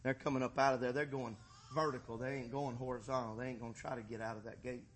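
A man preaching a sermon, moving between quiet, folksy storytelling and loud, rising passages. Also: mid-range voice, level tone, fast talker, a little hiss or hum.

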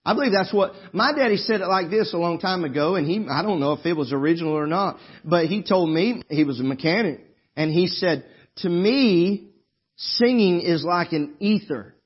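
A man's voice: a little high, fairly quick, husky, lo-fi sound. A male pastor preaching a sermon in a folksy, emphatic, wandering way during a church service.

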